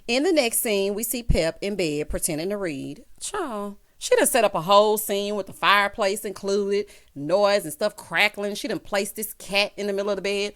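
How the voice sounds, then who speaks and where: A woman's voice: mid-range voice, normal speed, hardly any pauses, fairly bright tone. A woman giving a casual, gossipy recap of a reality show, talking straight to her viewers and calling them honey and child. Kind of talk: casual recap commentary to camera.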